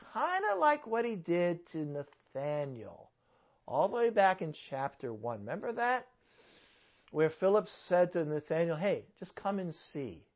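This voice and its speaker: A male pastor preaches in a relaxed, conversational manner, posing rhetorical questions to his listeners. His voice sits a little high for a man. The recording is dull and lo-fi. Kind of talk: sermon.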